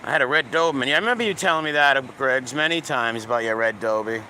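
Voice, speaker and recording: A man's voice: mid-range voice, fast, bright, forceful tone. A middle-aged man from Providence with a Rhode Island accent, chatting casually with viewers while walking his dog on a city street. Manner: rambling, profane, bouncing between greetings and rants. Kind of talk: casual livestream chat with viewers. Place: city street with passing cars. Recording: faint street traffic noise.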